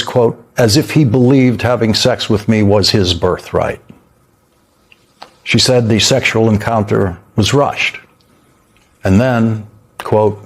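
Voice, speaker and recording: Emphatic male news commentary host. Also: on the low side. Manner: emphatic, pointed repetition.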